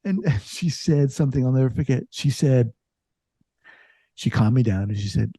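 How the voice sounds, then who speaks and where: A middle-aged man, a psychologist, talking reflectively in an interview, halting and restarting as he thinks aloud. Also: mid-range voice, slightly rough, no room sound. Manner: reflective, halting, many restarts, lively emphasis. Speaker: psychologist and podcast host, guest here. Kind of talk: casual interview conversation.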